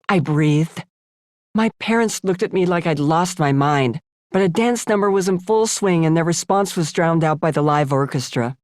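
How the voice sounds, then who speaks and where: Brief: older American woman, lowish voice, wry memoir narration, dry close studio mic. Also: normal speed, darkish tone, no room sound. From United States. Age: 70s. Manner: wry, conversational storytelling. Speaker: author narrating her memoir.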